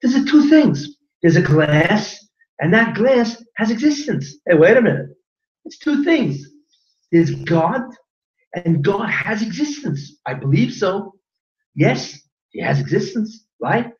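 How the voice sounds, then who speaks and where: A man teaching a class as a rabbi, animated and joking, quizzing his audience with questions. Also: high-pitched, slow. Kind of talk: lively Torah class lecture. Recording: roomy lo-fi recording from a distance.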